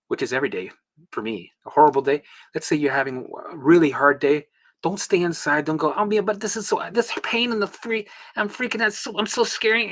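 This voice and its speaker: Blunt, bright-voiced man coaching. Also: mid-range voice. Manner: blunt, swears freely, acts out his own voice. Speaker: recovery coach. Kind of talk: casual monologue.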